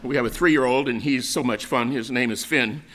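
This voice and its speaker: An older American man preaching a sermon, telling stories in a relaxed, conversational way with frequent fillers and restarts. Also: medium pitch, moderate pace. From United States. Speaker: pastor.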